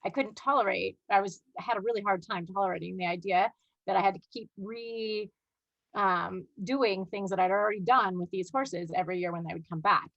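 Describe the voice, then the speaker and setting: A woman telling a chatty, animated story on a video call, full of fillers and restarts. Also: mid-range voice, fairly quick, vocal fry, no room sound, lo-fi sound. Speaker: guest horse trainer. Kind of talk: storytelling in a live video interview.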